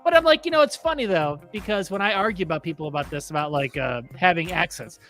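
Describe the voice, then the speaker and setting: A man's voice: high voice, fast, faint music behind. A man from Michigan co-hosting a trivia show, chatting casually and laughing through his stories. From Michigan, USA. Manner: animated, laughing storyteller.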